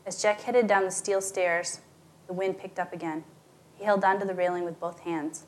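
A woman reading a short story aloud as narrator, shifting her pitch and volume for the dialogue. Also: steady tone, normal speed.

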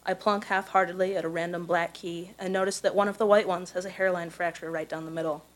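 A woman with a somewhat low voice reads her personal essay aloud at a live event. She tells it carefully and evenly, letting the prose carry it. She grew up in Missouri. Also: level tone, poor audio. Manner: measured, careful storytelling delivery. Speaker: contest winner reading her own prose.

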